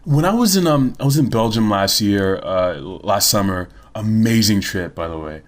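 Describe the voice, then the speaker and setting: A man's voice: on the low side, animated, moderate pace. Blunt young man telling a story. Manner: blunt, swears freely, tells stories. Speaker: podcast co-host. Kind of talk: casual chat.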